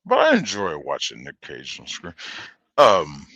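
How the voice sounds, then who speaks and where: A man's voice: low-pitched, huge pitch swings, a little slow, sharp tone, no room sound, lo-fi sound. A man hosting a livestream in casual chat, laughing often and swearing as he rambles about movies. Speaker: livestream host.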